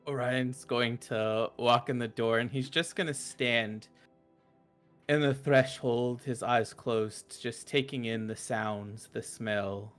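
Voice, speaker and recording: Slow and a little bright, this man's medium-pitched voice stays fairly even and clean as he narrates his character's moves in a laid-back tabletop game. He hesitates often and leans on fillers while soft music plays behind him.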